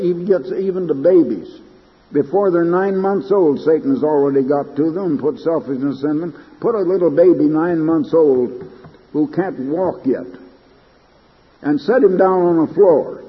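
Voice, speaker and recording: A man's voice: fairly high pitch, in a large hall, muffled recording. An older man preaching an emphatic broadcast sermon, his delivery rising to fervent peaks.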